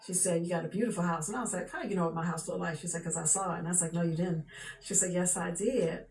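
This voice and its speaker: A woman's voice: fairly low pitch, steady tone, rapid-fire. A woman telling a personal story in a casual, chatty way, often circling back with "she said" and "for real.". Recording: echoey room with faint background noise.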